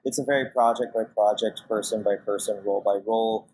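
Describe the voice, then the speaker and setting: A man's voice: lowish voice, fairly even intonation, fairly quick, a little mellow, slightly rough, rough recording. A man being interviewed as a guest on a podcast, talking casually and rambling with many fillers and restarts while acting out his own reactions. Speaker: podcast guest, casting director and manager.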